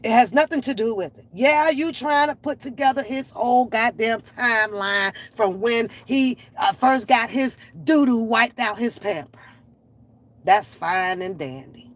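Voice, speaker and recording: A woman with a fairly high voice speaks a little slowly in an unscripted rant for her reaction channel. Her commentary is blunt, profane and exasperated, and the poor audio carries faint background noise.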